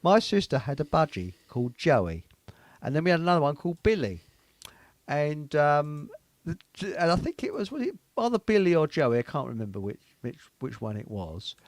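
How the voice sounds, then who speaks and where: A man's voice: on the high side, big pitch swings, normal speed, dry recording. A man hosting a casual chat, telling rambling funny anecdotes and often breaking into giggles. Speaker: show host.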